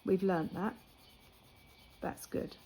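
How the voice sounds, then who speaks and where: A woman's voice: lowish voice, slow, breathy edge, rough recording. An older woman, chatting casually and telling a story while she colours, acting out the lines of the people in it. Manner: chatty storytelling with lively retold quotes. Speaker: vlogger.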